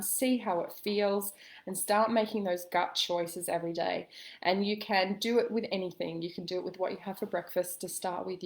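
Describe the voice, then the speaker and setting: A woman coaching listeners in a calm, gentle way, giving a spoken self-help lesson with slow pauses. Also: lowish voice. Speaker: intuitive coach.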